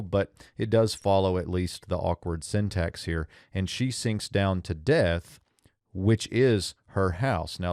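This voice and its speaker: A man's voice: deep voice, a little mellow, dry recording, studio quality. A man teaching an ancient-language lesson at a whiteboard, thinking aloud with fillers and self-corrections.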